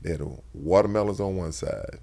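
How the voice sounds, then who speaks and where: A man's voice: low voice, a little fast, warm tone. A man in his sixties, a former football player, telling stories in a casual interview with lots of restarts and repeated words.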